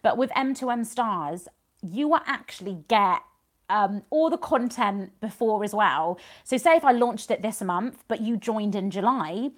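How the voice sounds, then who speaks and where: Upbeat woman, encouraging vlog talk. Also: a little high. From United Kingdom. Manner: warm, earnest, repeats reassurances. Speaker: vlogger and business community host. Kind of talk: casual motivational talk to camera.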